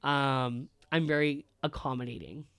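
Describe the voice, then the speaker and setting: Casual ranting teacher, man, smooth clear voice, dry close sound, candid and profane. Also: medium pitch, steady tone, measured pace, fairly bright tone, no room sound. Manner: candid, blunt and profane, filler-heavy. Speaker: high school teacher.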